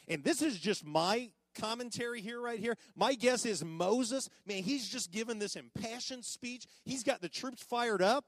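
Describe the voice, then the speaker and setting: A man preaching a sermon in church as pastor, swinging from loud emphatic lines to quiet, low endings. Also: a little slow, few pauses, dry recording. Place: church sanctuary.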